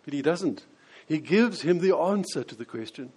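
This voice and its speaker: A man preaching a sermon, explaining scripture and acting out quoted voices with lively changes. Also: on the high side, moderate pace, slightly rough. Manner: animated, acts out quoted voices.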